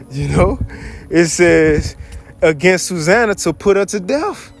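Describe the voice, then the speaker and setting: High-pitched male bible teacher, slangy and animated, reads verses and riffs on them. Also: takes it slowly, soft background music. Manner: reads verses aloud, then paraphrases in loose slang; animated, chuckles often. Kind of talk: casual scripture teaching.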